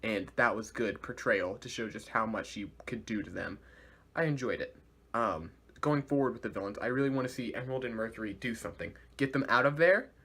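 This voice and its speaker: A man giving a casual video review of a series, animated and slangy, laughing often. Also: lowish voice, brisk, breathy edge.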